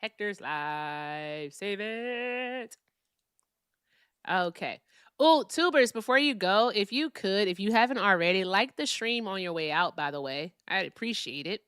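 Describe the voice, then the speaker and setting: Lady streamer chatting w her viewers, dry close mic, laughs a lot, animated. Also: medium pitch, moderate pace, clean tone, dry recording. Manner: animated, laughs often, talks to the chat. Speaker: livestream host. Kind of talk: casual live-stream chat.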